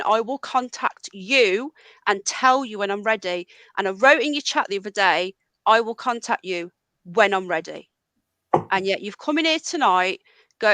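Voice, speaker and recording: A woman's voice: medium pitch, fairly bright tone, dry recording. A woman hosting a livestream, angrily ranting at a guest and swearing a lot. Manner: furious, swearing, confronting a guest. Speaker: livestream host. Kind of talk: angry livestream rant.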